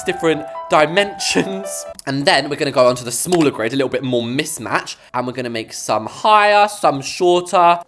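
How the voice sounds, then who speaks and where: A YouTuber with an English accent, chatting through a casual gameplay voice-over with playful asides. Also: medium pitch. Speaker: YouTuber building in a game.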